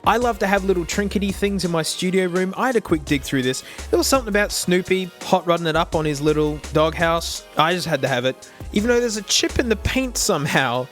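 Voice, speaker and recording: An Australian man hosting his own channel, chatting casually in an excitable, slangy way and chuckling often. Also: sits high, fairly quick, faint music behind. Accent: South Australian. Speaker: tech channel host. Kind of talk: casual vlog talk to camera.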